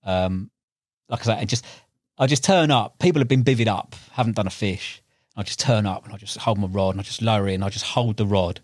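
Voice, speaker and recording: A young carp angler with a lowish voice talks a little fast as a podcast guest, in studio-quality audio without room sound. His fishing stories are animated and casual, full of acted-out quotes, slang, and fillers.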